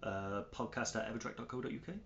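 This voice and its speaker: A man's voice: fairly low pitch, steady tone, quick pace, vocal fry, fairly bright tone, lo-fi sound. A man co-hosting a podcast in loose, easygoing chat with fillers. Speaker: podcast co-host.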